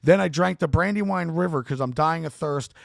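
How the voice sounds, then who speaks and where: A man telling a long story as a podcast guest, rambling, swearing and animated. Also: on the high side, a little fast, gravelly, dry recording, studio quality. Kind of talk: storytelling in casual talk.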